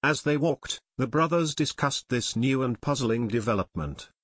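A man narrating an adventure audiobook in a measured, even storytelling voice on a close mic. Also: mid-range voice, breathy edge, dry recording.

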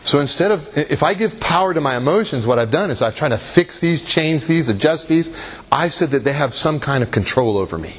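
A man with a husky voice teaches a Christian workshop at a convention. He talks conversationally, checks in with his listeners through rhetorical questions, and pokes fun at himself. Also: a little high, lively intonation, a little fast, fairly bright tone. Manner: engages listeners with rhetorical questions and self-mocking jokes. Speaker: workshop leader.

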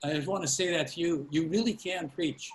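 A man's voice: a little high, brisk, rough recording. Earnest pastor man giving fatherly counsel. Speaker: pastor teaching preaching. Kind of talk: informal teaching on a video call.

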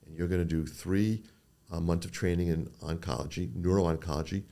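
A man's voice: deep voice, quick pace, gravelly. An older man, a doctor being interviewed on a podcast, telling stories and acting out the people in them. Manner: storytelling, quotes people in animated voices. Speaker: neuro-oncologist guest.

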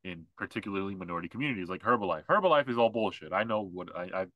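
A man's voice: low-pitched, expressive, rapid-fire, dry recording, muffled recording. A man co-hosting a podcast, ranting in casual, mocking chat with lots of fillers. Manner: ranting, mocking, mimics others. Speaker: podcast co-host.

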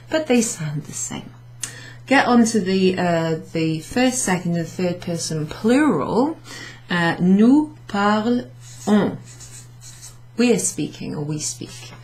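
A woman teaching a beginners' French class, explaining slowly and patiently with many ums and repeated French words. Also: on the low side, a little mellow, poor audio. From United Kingdom. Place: pub function room, recorded lesson.

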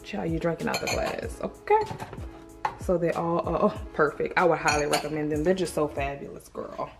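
Thirty-ish woman vlogging from her apartment, expressive, kinda low voice, echoey room w music. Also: brisk, gravelly. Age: 30s. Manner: expressive, animated, talks straight to viewers. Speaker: lifestyle vlogger. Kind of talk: casual vlog chat. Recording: roomy echo with music behind.

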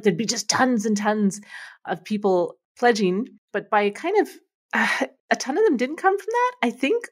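A woman co-hosting a podcast, chatting excitedly and laughing often. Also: medium pitch. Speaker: podcast co-host. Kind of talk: casual podcast chat.

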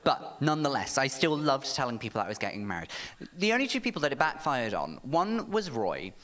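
A man performing a camp, animated stand-up set on a comedy club stage. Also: mid-range voice, brisk. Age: 30s. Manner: camp, animated storytelling with sharp asides.

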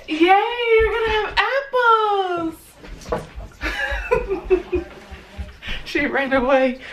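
A woman's voice: extremely high pitch, background noise. A young woman, a mother and family vlogger, gushing at her daughter in playful, teasing baby talk at home. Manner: gushing, sing-song, teasing. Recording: echoey room, camera at a distance.

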